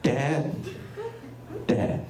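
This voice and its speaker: A male comedian voicing his scheming toddler daughter with deadpan, innocent-sounding denials. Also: extremely slow, crowd noise. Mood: sly. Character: sly mischievous toddler girl. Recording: roomy distant stage mic.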